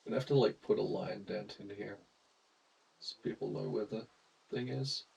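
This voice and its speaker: A man's voice: on the low side, steady tone, normal speed, vocal fry, darkish tone, slightly rough, poor audio. A young Australian man casually chatting to viewers while streaming a game, laughing often and greeting chat.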